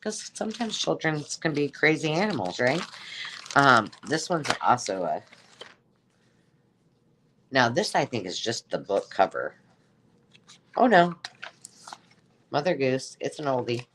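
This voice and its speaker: A woman's voice: a bass voice, very animated, a little slow, pauses often, a bit bright, slight background noise. A woman hosting a casual live sale of craft supplies, chatting in a rambling way and exclaiming over each item she pulls out. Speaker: host selling craft supplies.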